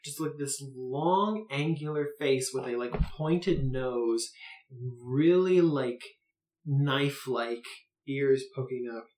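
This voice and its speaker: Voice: mid-range voice, takes it slowly, a little mellow, reverberant, slight background noise. A game master narrating a tabletop game in loose, rambling descriptions full of filler words.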